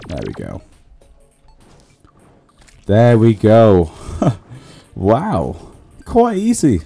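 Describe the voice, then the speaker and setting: A man with a low, mellow voice speaks slowly as he plays a video game. He keeps up a muttered running commentary for his viewers over faint background music. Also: wildly swooping pitch, gravelly, slightly rough. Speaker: gaming channel host. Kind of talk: casual let's-play commentary.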